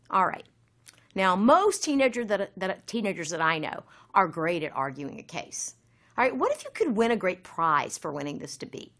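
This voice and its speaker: A woman's voice: mid-range voice, a bit bright. A woman teaching essay writing in a recorded lesson, addressing students directly.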